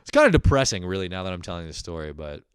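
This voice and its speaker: A man's voice: low-pitched, very animated, rapid-fire, smooth, no room sound, clean studio sound. A man hosting a comedy podcast, telling rambling, profane stories in a casual monologue and laughing at his own jokes. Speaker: podcast host.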